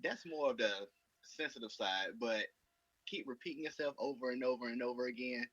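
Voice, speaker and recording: A man's voice: medium pitch, brisk, a bit bright, husky, no echo. A man speaking bluntly and in a laid-back way in a casual podcast chat. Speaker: podcast panelist. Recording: dull lo-fi mic.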